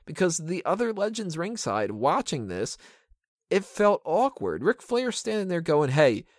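A man's voice: high-pitched, wildly swooping pitch, unhurried, no echo. Man, wrestling show review, casual commentary, sarcastic, swears, dry close sound. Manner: opinionated, sarcastic, swears freely.

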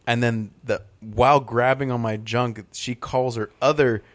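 A man's voice: mid-range voice, unhurried. A man guesting on a podcast, chatting casually and telling stories with acted-out quotes. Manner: animated storyteller, acts out quoted voices. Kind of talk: casual chat.

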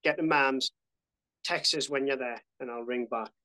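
A man's voice: mid-range voice, steady tone, normal speed, pushed and bright, low-quality recording. A man, a podcast guest telling his story bluntly, swearing freely and fighting back emotion. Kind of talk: casual storytelling.

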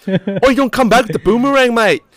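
A man voicing a rowdy, angry Australian bloke in a loud, crude mock-Australian accent. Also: extremely high pitch, a little fast, pitched above the performer's own voice.

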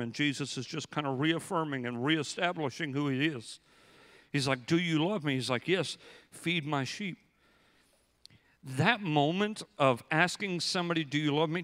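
A man's voice: a little high, big-room sound. A man in his thirties preaching a sermon, telling personal stories and acting out the quoted lines. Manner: animated storyteller, acts out quoted lines. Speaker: pastor. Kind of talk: storytelling sermon.

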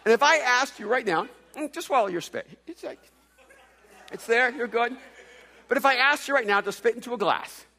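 A man preaching a sermon, telling a story with playful humor and quick stammered restarts. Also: very high voice, sharp tone. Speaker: pastor. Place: large hall with long reverb. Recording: echoey hall reverb.

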